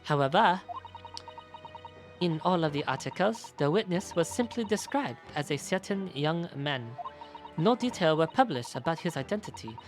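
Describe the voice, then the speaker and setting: A man's voice: fairly high pitch, animated, moderate pace, soft background music, close to an everyday voice. A man voicing a fussy older French woman who runs a wax museum, with a put-on French accent and a hesitant, flustered way of talking. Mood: fretful.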